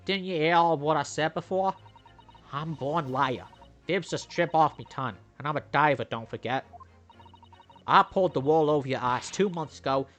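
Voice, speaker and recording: A player putting on a sullen young thief woman, defensive and sharp-tongued. Her lines drop low and quiet, with faint music behind. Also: moderate pace, close to an everyday voice.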